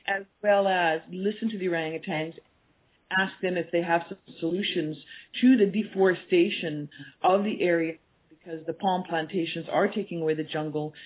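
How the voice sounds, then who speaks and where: A woman's voice: on the low side, fairly even intonation, normal speed. A woman guest on a radio interview, telling stories earnestly and acting out quoted dialogue. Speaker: guest, animal communication teacher. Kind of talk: storytelling interview talk. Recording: tinny phone line.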